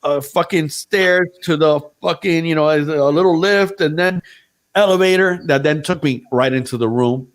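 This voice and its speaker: A man's voice: a little high, normal speed. A man casually telling a story on a podcast, swearing freely and acting out what other people said.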